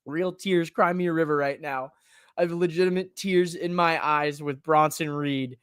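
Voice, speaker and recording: A woman hosting a live wrestling watch-along podcast in casual chat, excitable and swearing, breaking into loud high-pitched shouts. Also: normal speed, smooth, no room sound, clean studio sound. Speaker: podcast host.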